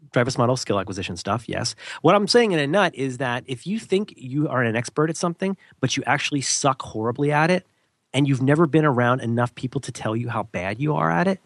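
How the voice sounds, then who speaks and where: Animated man ranting on a podcast. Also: medium pitch, no echo. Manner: animated, jumps into mock voices, emphatic. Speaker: podcast co-host. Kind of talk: casual podcast rant.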